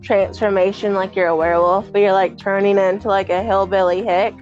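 Young woman from the South, podcast co-host, halting casual chat, mid voice, slightly dull audio. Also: medium pitch, flat delivery, darkish tone, faint music behind. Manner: giggly, halting with many fillers.

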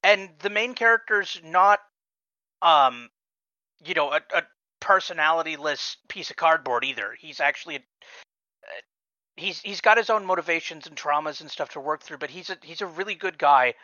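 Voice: medium pitch, lively intonation, moderate pace, pushed and bright, no room sound, lo-fi sound. A podcast co-host in casual chat, rambling with many ums and restarts.

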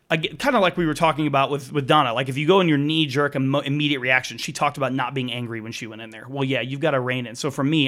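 A man's voice: mid-range voice, a bit bright. A man in his thirties, a father talking through parenting ideas in a casual chat, thoughtful and rambling with many restarts. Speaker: podcast co-host, father.

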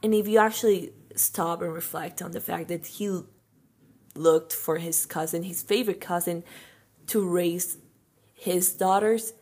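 A young woman talks through her opinions in a loose, chatty monologue, with frequent "like"s and dramatic asides. Her voice sits fairly low and has a husky, breathy grain. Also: fairly even intonation, a little slow, darkish tone. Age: young adult. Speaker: podcast host.

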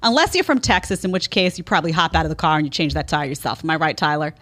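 A woman's voice: low voice, very fast. A woman from New York hosting a podcast, giving opinionated, sarcastic commentary. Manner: sarcastic, animated, mocking impressions. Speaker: podcast host.

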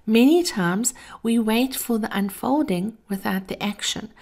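A woman hosting a scripted motivational talk, speaking in a measured, earnest way and addressing listeners fondly. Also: on the high side, vocal fry, a little mellow. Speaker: host.

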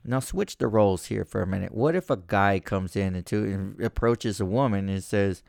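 A man's voice: lowish voice, moderate pace, vocal fry, hardly any pauses, darkish tone, no echo, studio quality. A man hosting a podcast in casual chat, rambling and swearing freely. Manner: profane, rambling. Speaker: podcast host.

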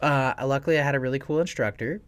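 A man in his thirties co-hosting a casual chat, telling crude, profane stories with big animated swings. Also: mid-range voice, fast, clean tone. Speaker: podcast co-host.

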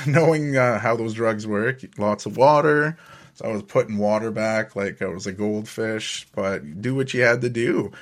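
A man hosting a casual solo podcast, telling stories in a laid-back way, often chuckling and swearing casually. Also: medium pitch. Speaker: podcast host.

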